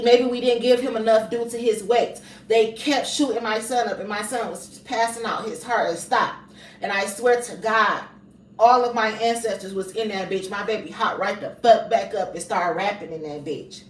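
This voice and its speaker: A high-voiced woman tells a furious story about her son, swearing freely and circling back to her points. She sits well back from the mic, so the sound is roomy and echoey. A faint hum of background noise runs underneath. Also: distant mic. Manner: profane, fired up, repeats herself for emphasis. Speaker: mother telling a story on a livestream. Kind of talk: heated storytelling rant.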